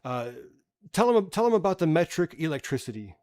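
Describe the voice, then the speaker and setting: A man's voice: on the high side, sing-song, fairly quick, darkish tone. A man ranting bluntly and profanely in casual livestream commentary. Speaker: streamer.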